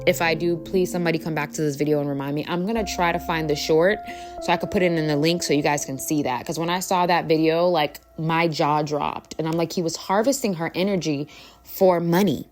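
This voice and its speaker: A woman's voice: low-pitched, fairly even intonation, fairly quick, soft background music. A woman talking casually to her viewers, telling a story in a chatty, rambling way with lots of fillers. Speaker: spiritual coach.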